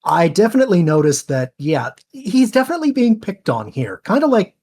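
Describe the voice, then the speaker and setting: A man's voice: high-pitched, wildly swooping pitch, a little fast, darkish tone, slight background noise. A man joining a casual commentary chat, speaking hesitantly and stumbling as he starts. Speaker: commentary guest.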